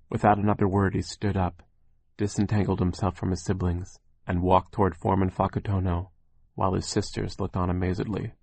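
A man with a deep voice narrates a children's storybook in a wry, deliberate way. He is recorded close on the mic in a dry, dead room. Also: a little mellow, husky, dry recording. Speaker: audiobook narrator. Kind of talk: scripted narration.

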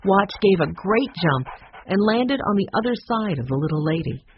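A narrator reading a children's chapter book aloud in a plain, measured storytelling manner. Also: mid-range voice, animated, dull audio, slight background noise. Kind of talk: audiobook narration.

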